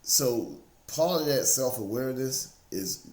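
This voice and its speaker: Expressive, a little slow, and darkish in tone, the mid-range voice of a motivational speaker carries a casual, faith-based talk where he repeats key phrases over and over to drive them home. The recording has a roomy, echoey quality.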